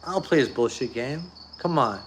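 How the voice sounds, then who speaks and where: A man's voice: medium pitch, lively intonation, normal speed, a little hiss or hum. A man talking straight to his viewers in an off-the-cuff monologue, blunt and profane, repeating himself for emphasis. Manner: blunt, profane, repetitive ranting. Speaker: YouTuber.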